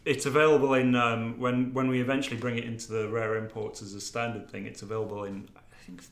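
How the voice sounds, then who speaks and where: A man's voice: medium pitch, flat delivery, fast talker. Chatty man in a roomy studio. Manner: chatty, laughs often. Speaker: live stream host. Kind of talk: casual chat.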